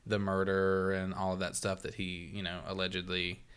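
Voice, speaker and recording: Casting: man podcaster with a bright, forceful tone and a rambling, profane delivery. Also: low-pitched, completely flat delivery, moderate pace, clear, resonant tone. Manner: rambling, many fillers, swears. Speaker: podcast co-host. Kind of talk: casual true-crime chat.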